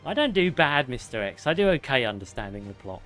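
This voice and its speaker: With soft music in the background, a British game streamer from the United Kingdom commentates casually on his game, swearing freely as he talks with viewers. His mid-range voice is sing-song, brisk and a bit bright.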